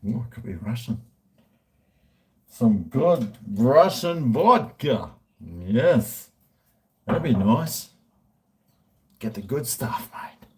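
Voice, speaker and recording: Australian man, middle-aged, slow-talking, rambling, joking, crude, mid-pitched voice. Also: sing-song, darkish tone. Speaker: vlogger answering viewer questions. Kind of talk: casual chat.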